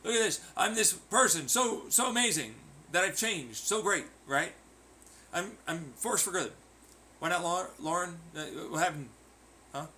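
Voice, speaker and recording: A man with a high, bright voice rants in a vlog, swearing freely and slipping into sarcastic mock impressions. There is a faint hum of room ambience behind him. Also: expressive, moderate pace. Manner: profane, sarcastic, mocking imitations. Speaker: vlogger. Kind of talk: ranting vlog commentary.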